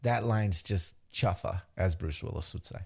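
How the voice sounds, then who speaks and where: A man's voice: low-pitched, normal speed, vocal fry, breathy edge. A man hosting a podcast, recapping a wrestling show in a casual, profane way and acting out the quotes. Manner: animated, acts out quotes in put-on voices, swears freely.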